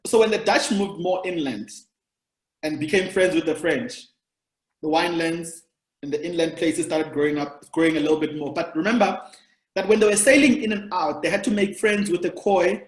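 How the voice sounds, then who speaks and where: Speaking fairly quickly in a high voice, a South African comedian hosts a podcast. His casual chat drifts into long, rambling accounts of history, captured with a roomy echo.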